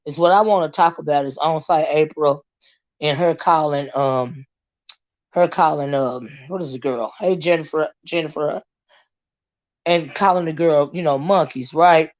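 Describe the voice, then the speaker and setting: A hoarse woman, hosting a casual livestream, greeting viewers and chatting with many fillers and asides. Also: deep voice, moderate pace, lo-fi sound. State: hoarse, lost her voice. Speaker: livestream host.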